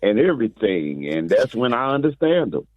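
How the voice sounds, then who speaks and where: A man's voice: mid-range voice, very animated, a crowd in the background. A man calling in to a morning radio show, rambling and preachy, humming as he talks. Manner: rambling, preachy, drawn-out hums. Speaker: caller, comedian filling in. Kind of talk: comic phone bit. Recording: dry tinny phone line.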